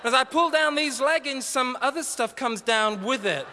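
A man preaching a humorous, story-driven sermon, self-mocking and animated, then earnest and urgent. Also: very high voice, normal speed, slight background noise. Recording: long reverb of a large hall.

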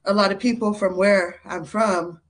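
A young woman from North Carolina, telling stories as a podcast guest in a lively way, full of fillers and laughs. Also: mid-range voice, moderate pace. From North Carolina, USA. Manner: animated, laughs often, many fillers. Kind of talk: casual interview storytelling.

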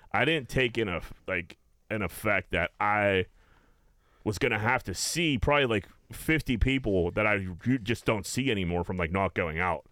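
A man's voice: on the low side, a bit bright, no echo, studio quality. A young man hosting a casual chat, rambling through his stories with plenty of swearing and filler words.

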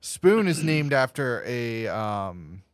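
A man's voice: mid-range voice, very animated, slow pace, no room sound, clean studio sound. A man hosting a casual movie podcast, rambling through his notes with lots of fillers and restarts. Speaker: podcast host.

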